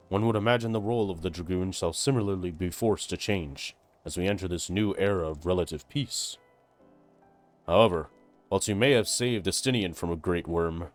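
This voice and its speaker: A man's voice: low voice, lightly acted. A man voicing a formal noble knight-commander in a game, speaking in stately, old-fashioned phrasing. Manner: stately, archaic speech.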